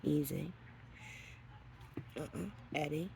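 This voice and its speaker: A woman dog trainer giving a hands-on demonstration, explaining calmly between short firm commands to the dog. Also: low voice, slow, creaky, slight background noise.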